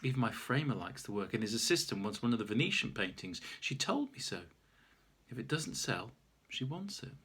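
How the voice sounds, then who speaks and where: A man's voice: medium pitch, lively intonation, a little fast, a bit bright, breathy edge. A man reading his own story aloud in a wry, self-mocking way. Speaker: author reading his memoir.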